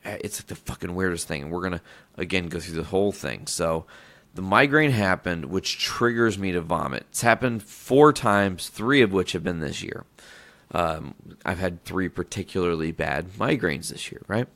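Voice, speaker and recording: A man's voice: sits low, lively intonation, moderate pace, a bit bright. A man hosting a podcast, telling a long casual story in a rambling, profane way, often breaking off mid-sentence to restart. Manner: rambling, profane, self-interrupting. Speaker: podcast host.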